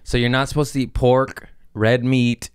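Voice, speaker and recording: A man's voice: medium pitch, little pitch movement, moderate pace, clear, resonant tone, dry recording, studio quality. A man hosting a podcast, riffing in a jumpy, scatterbrained comic monologue and mocking himself as he loses his thread. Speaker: podcast host. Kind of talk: rambling comedic monologue.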